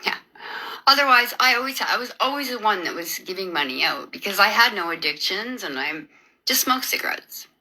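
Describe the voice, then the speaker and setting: Sharp, animated woman ranting sarcastically. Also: mid-range voice, brisk, poor audio. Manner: agitated, sarcastic, rambling with many restarts. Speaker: video creator. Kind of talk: emotional personal rant to camera.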